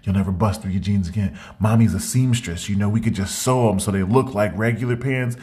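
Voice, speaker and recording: A man voicing his sister as she whispers soft, coaxing advice. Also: on the low side, steady tone, brisk, close to an everyday voice.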